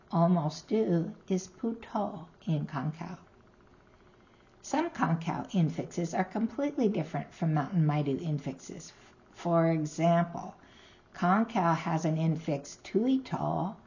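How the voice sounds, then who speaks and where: A woman teaching a recorded language lesson, speaking slowly and carefully and sounding out each word. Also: on the low side, mellow, dull audio. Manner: slow, careful, sounding out words.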